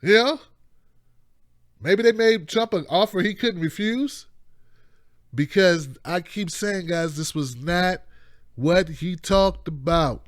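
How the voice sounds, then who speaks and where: A man's voice: high-pitched, takes it slowly, pauses often, no room sound, studio quality. A man hosting a live call-in show, delivering impassioned political commentary in a rambling, emphatic way with mocking asides.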